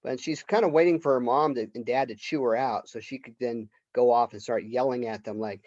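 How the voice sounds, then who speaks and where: A man's voice: mid-range voice, fairly quick, hardly any pauses, darkish tone, no room sound. Man lecturing on literature, lo-fi sound. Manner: conversational storytelling, retelling the plot. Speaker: literature professor. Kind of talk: college lecture. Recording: dull lo-fi lecture recording.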